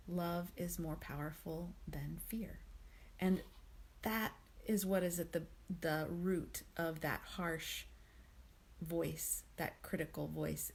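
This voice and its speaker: Gentle woman talking through a mindfulness reading, low voice, kinda husky and gravelly, lots of ums. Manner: gentle, unhurried, with frequent ums. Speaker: host of a daily mindfulness reading series. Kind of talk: reflective spoken commentary on a book reading.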